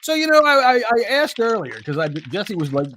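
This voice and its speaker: A man's voice: very high-pitched, big pitch swings, brisk, music in the background. A man hosting a casual sports podcast, teasing his guests and joking. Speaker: podcast host.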